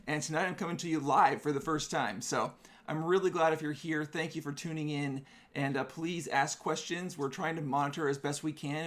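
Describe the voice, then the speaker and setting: A man's voice: fairly high pitch, a bit bright. A man hosting a live-stream photography tutorial, chatty, explaining camera settings step by step.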